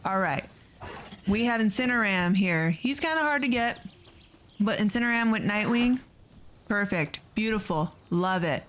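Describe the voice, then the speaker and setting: Chatty, excitable woman gaming host. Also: medium pitch, unhurried, a little hiss or hum. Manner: chatty and excitable, gushing over creatures. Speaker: let's play host. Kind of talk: casual gameplay commentary.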